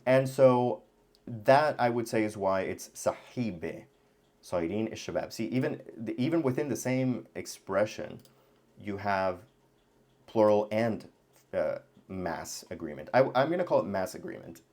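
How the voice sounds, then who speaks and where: A man's voice: on the low side, lively intonation, a little slow, a little mellow. A man teaching a language lesson at his computer, talking casually and thinking aloud, with many fillers and restarts. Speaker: Arabic teacher.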